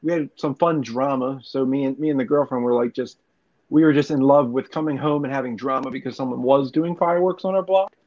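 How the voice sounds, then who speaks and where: A man's voice: medium pitch, fairly quick, darkish tone. A young man telling profane, rambling stories in casual podcast chat. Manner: rambling, profane storytelling with laughs. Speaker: podcast co-host. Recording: dull lo-fi recording.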